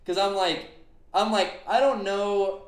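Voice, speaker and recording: Recorded in an echoey room, a young podcast host and streamer speaks slowly in a high voice with fairly even intonation. He retells a conversation in earnest, leaning heavily on filler words.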